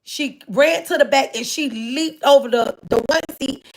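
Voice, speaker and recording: Woman livestreamer, high voice, rambling storyteller who keeps talking straight to her viewers. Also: a little slow. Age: adult. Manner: rambling, repeats phrases, often addresses listeners directly. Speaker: livestreamer reading viewer comments.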